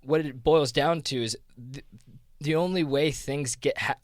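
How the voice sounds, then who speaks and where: A crypto fund co-founder with a South Jersey accent, appearing as a guest on a podcast interview, lays out his ideas in a loose, rambling way, leaning hard on "like" and often starting over. His voice sits on the high side and moves at an unhurried pace. The recording is studio quality with no room sound.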